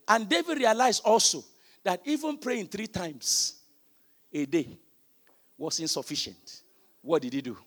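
A man preaching a sermon. He keeps asking the congregation questions and often breaks into shouted emphasis. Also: high-pitched, expressive, a little slow, pauses often.

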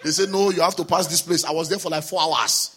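Nigerian pastor, male, sermon storytelling; lively, hushed to shouting, sharp tone. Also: a little high, fast talker, husky. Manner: animated, swings from hushed to shouting.

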